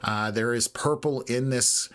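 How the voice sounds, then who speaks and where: A man hosting a live storm-tracking stream, slightly hoarse and losing his voice, talking steadily with many pauses of "uh.". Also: medium pitch, slight background noise. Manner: steady, unhurried, lots of "uh" pauses. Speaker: weather stream host.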